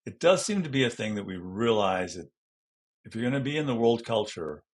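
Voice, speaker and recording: A middle-aged man, an educational consultant, answering interview questions in an animated way and acting out classroom examples. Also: fairly low pitch, a little fast. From Denver, Colorado.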